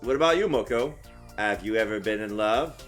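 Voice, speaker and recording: Over soft background music, a man streams himself reading a visual novel aloud, narrating earnestly with a light wry touch. His voice is fairly low and fairly bright, with lively intonation at a moderate pace.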